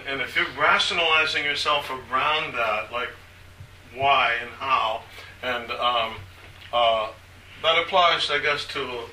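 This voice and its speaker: A man's voice: mid-range voice, sharp tone. Older man, rambling, in an echoey room. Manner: rambling, halting, with many restarts. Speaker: speaker on church liturgy. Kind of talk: informal talk to a small group. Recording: echoey room from far off, faint hiss.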